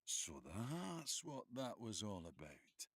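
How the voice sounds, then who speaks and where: An actor voicing a teasing, protective male wolf warrior in an audiobook, wry and calm. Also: lowish voice, takes it slowly, a little hiss or hum, heavily acted. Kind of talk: audiobook character voice.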